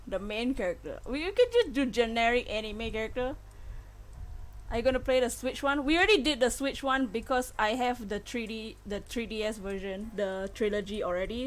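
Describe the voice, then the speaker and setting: A woman chatting casually with her viewers while playing through a game on a live stream, giggling often. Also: on the high side. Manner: chatty, giggly, talks to chat. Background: faint game music.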